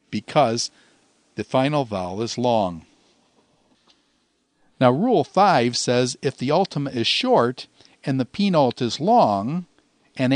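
Slow, methodical man teaching a lesson. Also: medium pitch, no echo. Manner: slow, methodical, explains step by step. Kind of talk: recorded lecture.

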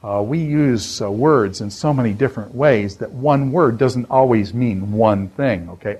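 Guy lecturing a bible class, kinda husky, chatty, lots of uhs and repeats. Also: medium pitch, measured pace, hardly any pauses, darkish tone. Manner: conversational, repeats phrases, many fillers. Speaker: Bible professor.

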